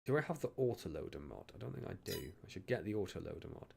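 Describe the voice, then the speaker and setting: A man's voice: low-pitched, sing-song, fast, creaky, hardly any pauses, darkish tone, slightly rough. A man live-streaming a farming game, chatting casually and teasing his chat with wry asides. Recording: game vehicle noise behind voice.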